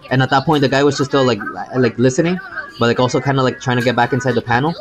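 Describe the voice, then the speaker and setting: A man's voice: medium pitch, rapid-fire, low-quality recording. A man streaming live, telling a long story in a rambling, casual way, repeating words and calling the listener bro.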